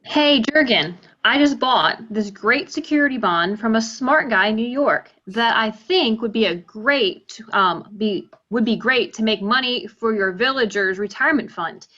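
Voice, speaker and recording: A bright-voiced, smug banker brushes off every complaint in a breezy, dismissive tone, read by a woman. Her voice sits a little high, and it comes through muffled video call audio. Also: animated, a little slow, few pauses, exaggerated voice. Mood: pitching. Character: smug fast-talking woman banker selling bonds.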